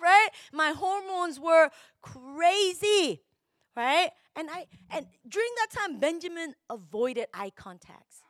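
Animated high-voiced woman pastor preaching. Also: slow pace, dry recording, studio quality. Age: middle-aged. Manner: emotional and animated, shouting at peaks, confessional. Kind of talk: sermon.

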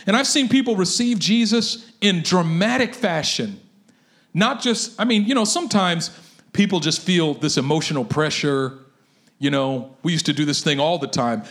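Pastor, man, high-pitched voice, lively storytelling sermon delivery. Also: normal speed. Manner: animated preaching with vivid stories.

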